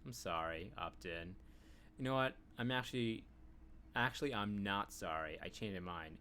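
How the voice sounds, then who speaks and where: A man's voice: on the low side, moderate pace, bright, forceful tone, slight background noise. Rambling man streaming a game. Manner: rambling, hums filler syllables while thinking. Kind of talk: casual let's-play commentary.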